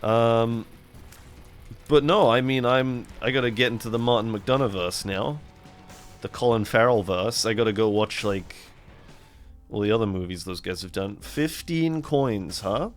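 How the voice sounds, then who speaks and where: Soft music plays behind a middle-aged man hosting a casual let's play. His voice is on the low side and steady, and he chats at a moderate pace in a rambling, laid-back way while he plays.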